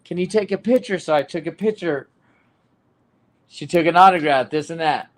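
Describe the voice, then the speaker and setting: A man hosting a casual sports podcast, telling a story in an animated way with plenty of fillers. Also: a little high, moderate pace. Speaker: podcast host.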